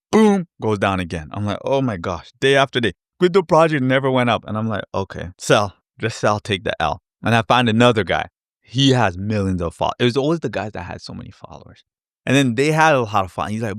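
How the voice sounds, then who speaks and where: A man hosting a casual live Q&A stream, chatty and animated, acting out his past reactions with little sound effects. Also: medium pitch, brisk, dry recording, studio quality. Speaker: crypto educator hosting a live Q&A. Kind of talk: casual livestream chat.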